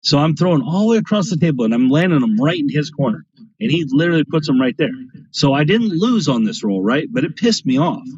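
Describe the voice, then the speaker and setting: Man, casual storytelling, rambling, mid pitch, dull lo-fi sound. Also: a little mellow. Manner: rambling anecdotes, keeps asking "right?". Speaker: craps streamer guest. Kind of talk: casual storytelling on a live stream. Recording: lo-fi stream audio.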